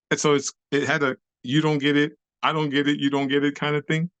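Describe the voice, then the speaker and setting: A man's voice: fairly high pitch, flat delivery, brisk, fairly bright tone, smooth, no room sound. A middle-aged man, a guest on an interview show, telling a story animatedly, swearing freely in street slang and acting out scenes with beats and sound effects.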